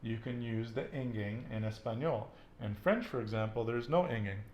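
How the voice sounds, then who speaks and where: A man's voice: mid-range voice, moderate pace, darkish tone, roomy sound, muffled recording, a little hiss or hum. A man teaching a casual language lesson, patiently asking questions and repeating his student's answers with encouragement. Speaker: Spanish teacher.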